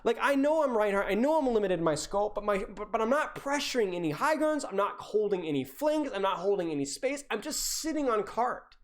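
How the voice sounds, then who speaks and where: A young woman breaks down a player's match on stream, ranting one moment and cheering good plays the next. Her pitch swings widely as she repeats lines to hammer them home. She sits at a mid-range pitch for a woman. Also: sing-song, fairly quick, hardly any pauses. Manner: ranting, exasperated, repeats points for emphasis. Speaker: game coach and streamer. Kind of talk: live-streamed gameplay review.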